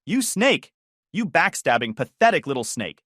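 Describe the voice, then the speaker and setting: A man voicing an enraged young woman who spits out shrill accusations in a storybook narration. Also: very animated, normal speed, fairly bright tone, dry recording, studio quality. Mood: furious. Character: furious young woman screaming insults.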